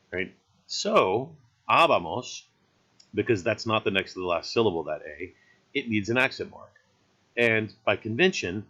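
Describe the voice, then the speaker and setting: A man's voice: fairly low pitch, fairly bright tone, lo-fi sound. A man teaching a recorded grammar lesson in an easygoing, explanatory way, often checking in with "right?".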